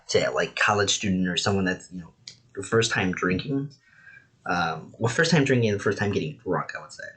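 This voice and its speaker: A man's voice: lowish voice, fairly bright tone. A man casually reviewing anime episodes, rambling with lots of "like" and "you know".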